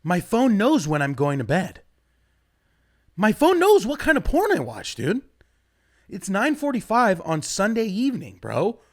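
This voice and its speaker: A young man doing a stand-up comedy set, rambling and profane, jumping suddenly to loud outbursts. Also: high-pitched, huge pitch swings, unhurried.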